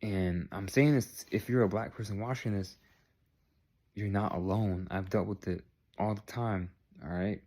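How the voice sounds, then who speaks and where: Speaking a little slowly in a low, mellow, expressive voice, a young vlogger addresses the camera directly. He's earnest, repeats himself, and finishes each point with "all right?"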